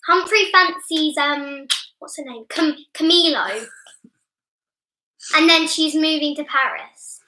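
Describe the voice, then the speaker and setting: A young woman co-hosting a family quiz chatters excitedly and keeps jumping in. Her voice is high and bright. She is heard in an echoey room. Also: slow. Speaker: quiz co-host. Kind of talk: casual chat.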